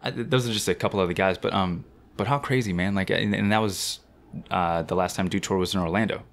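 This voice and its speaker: Brief: deep-voiced guy, rapid casual storyteller, slangy and animated, podcast guest. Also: creaky. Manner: animated, slangy anecdote-telling; fast-talking. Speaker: guest BMX rider.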